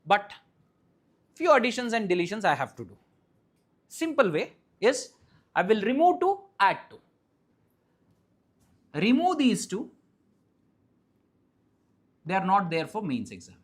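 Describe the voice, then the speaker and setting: A teacher with an Indian English accent giving a live classroom lecture, often asking the class questions and checking that they follow, and repeating key points slowly and firmly. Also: medium pitch, sing-song, slightly rough. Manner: keeps quizzing the class and checking understanding. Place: classroom with students present.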